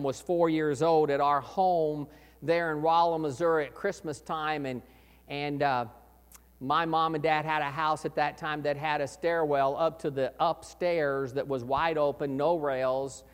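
High-voiced preacher in an echoey hall. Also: male voice, steady tone, a little slow, smooth. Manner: earnest, rises to loud emphasis then drops low. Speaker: pastor. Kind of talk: sermon.

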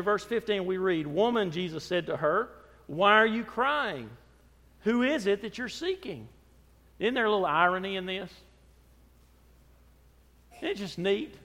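A man with a high voice preaches a sermon in a church, his voice trailing into a long reverb. He pushes some phrases out loudly for emphasis, then drops to soft, low asides. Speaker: pastor.

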